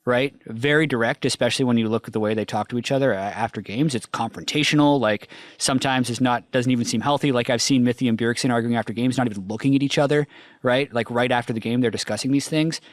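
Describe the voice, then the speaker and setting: A man's voice: medium pitch, fast talker, dry recording. A man on an esports analysis panel, talking casually and animatedly, often laughing as he tells a story. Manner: animated, laughs while telling stories.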